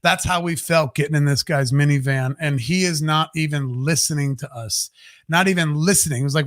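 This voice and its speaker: A man co-hosting a podcast, telling a long story in a rambling, animated way with plenty of swearing. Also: a little high, brisk. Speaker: podcast co-host. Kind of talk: casual storytelling chat.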